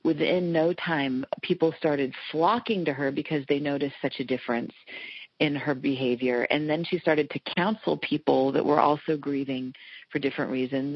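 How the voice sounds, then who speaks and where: A woman dream therapist speaking as an interview guest, telling earnest, animated stories with frequent "like" fillers, on slightly muffled remote audio. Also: deep voice, husky, no room sound. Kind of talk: conversational interview, storytelling.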